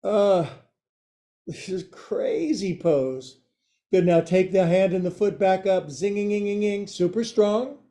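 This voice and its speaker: A man guides a yoga class, cracking jokes between his cues. He talks slowly, in a fairly high voice with a soft, mellow tone. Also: lively intonation. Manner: joking, playful cues. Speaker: yoga teacher. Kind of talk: guiding a live yoga class.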